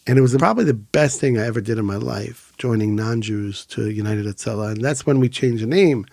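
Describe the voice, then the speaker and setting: Middle-aged israeli guy, gravelly, tells stories and does the voices. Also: medium pitch, brisk, dry recording. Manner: animated storyteller, acts out quoted voices. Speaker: founder of an emergency volunteer organization. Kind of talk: casual storytelling interview.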